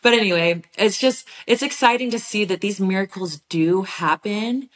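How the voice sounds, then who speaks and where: Animated woman telling a heartfelt story. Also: mid-range voice. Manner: animated, heartfelt, quick bursts of speech. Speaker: podcast guest. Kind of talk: personal storytelling in conversation.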